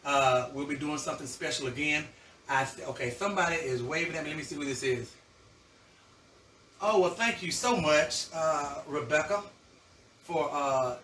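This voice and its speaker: A man's voice: fairly high pitch, sharp tone, recorded from a distance, a little hiss or hum. Chatty, effusive man in an echoey kitchen. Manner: chatty and effusive, savoring food aloud. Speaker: cooking show host. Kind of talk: live cooking show chat to viewers. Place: home kitchen.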